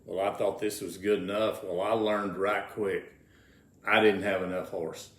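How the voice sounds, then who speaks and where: Older guy, low voice, slow folksy storytelling, roomy sound. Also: level tone, a bit bright, slight background noise. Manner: folksy, drawn-out storytelling with repeated words. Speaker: interview guest, retired rodeo roper. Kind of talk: casual storytelling. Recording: roomy echo.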